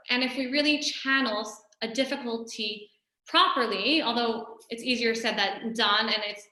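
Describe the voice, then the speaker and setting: A woman's voice: on the high side, sharp tone. A woman teaching a religious lesson in a conversational, storytelling way, often saying "you know". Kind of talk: recorded Torah lesson. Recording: echoey room.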